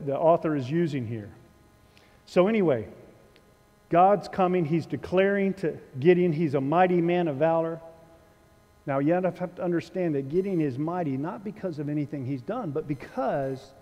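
A man's voice: on the high side, dark tone, in a large hall, muffled recording. A male pastor preaching a sermon in a conversational, dryly humorous way, with a sarcastic wit. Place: church sanctuary.

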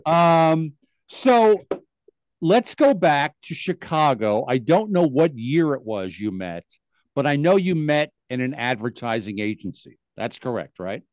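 An older man hosting a casual talk show, telling a story with lively acted-out quotes. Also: on the high side, a little slow, no echo. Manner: animated storyteller, acts out quotes. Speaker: podcast host.

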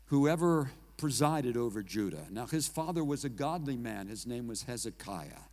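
A man preaching a sermon as pastor, swinging from loud declarations to hushed, near-whispered lines and asking the congregation questions. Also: on the high side.

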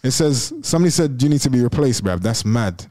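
A young man co-hosting a live call-in show, trading jokes in fast slang banter. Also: medium pitch, lively intonation, dark tone. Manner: fast, jokey, ends lines with "bruv". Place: studio.

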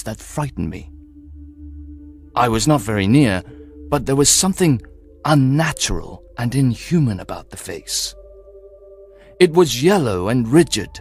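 Man, audiobook narration, clear, expressive, mid pitch, soft background music. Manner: clear, expressive first-person telling. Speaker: storyteller. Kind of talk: scripted audiobook narration for learners.

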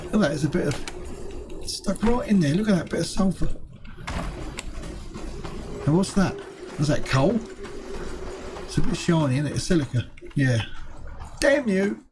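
Male game host, casual running commentary, higher-pitched, mild swearing; noisy mix. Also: moderate pace, long pauses. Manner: chatty, muttering to himself, swears lightly. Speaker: gaming video host.

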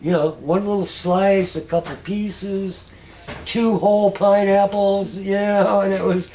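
A man's voice: sits high, level tone, measured pace, mellow, slight background noise, low-quality recording. Chuckling man telling folksy stories. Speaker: patient speaker. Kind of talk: casual storytelling talk.

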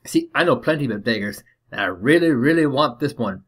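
A man's voice: medium pitch, animated, brisk, a bit bright. A man voicing a scrappy seven-year-old homeless boy in a put-on Cockney accent, chattering and pleading in a game.

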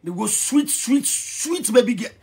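A Ghanaian man ranting in an animated vlog commentary, excitable and mixing pidgin with Twi. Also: very high voice, unhurried, slightly rough. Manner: excitable, switching between pidgin and Twi, shouting and laughing. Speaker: vlogger.

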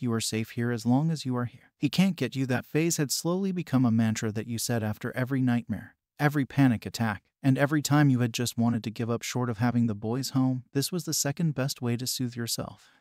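A man reading a second-person fan fiction story aloud in a steady, even storybook delivery. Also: medium pitch, dry recording, studio quality. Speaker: narrator.

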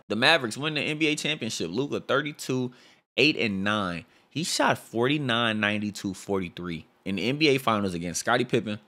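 A young man giving casual, slangy commentary over a basketball sim game, reacting loudly to each result. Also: medium pitch. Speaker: gaming YouTuber.

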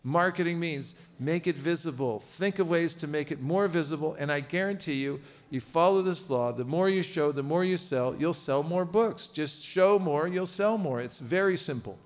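A man leading a lively seminar for a live audience, playful and animated, getting the room to repeat phrases after him. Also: on the high side. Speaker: seminar teacher on book distribution. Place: seminar room at a cultural center.

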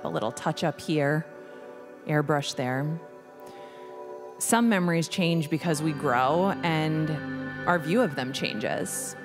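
Woman podcast host, low voice, unhurried narration, faint music behind. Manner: measured, thoughtful. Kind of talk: scripted narration.

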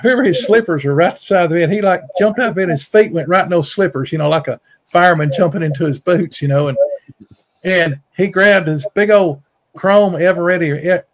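Speaking fairly quickly, this Bigfoot researcher from Mississippi tells a lengthy, casual story at home on his rural farm, appearing as a guest storyteller. He's middle-aged with a drawl and a slightly high voice, circling back over his words in a folksy way. Acting out other people's lines, he jumps to a raised voice.

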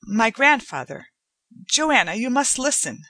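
A woman's voice: on the high side, very animated, a little slow, pushed and bright, no echo, voice pushed up, heavily acted. A woman reading aloud, voicing an earnest young man pleading with his father and his beloved. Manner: earnest, insistent, courteous. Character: earnest young gentleman, devoted son.

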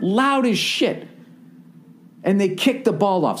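A man's voice: high voice, very animated, a little slow, pauses often. A middle-aged man, telling a rambling, profane comedic story as a podcast host. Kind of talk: casual comedic monologue.

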